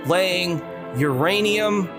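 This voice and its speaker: Slightly high-voiced male podcast co-host. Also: extremely slow, music in the background. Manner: informative, filler-heavy. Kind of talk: casual film-review chat.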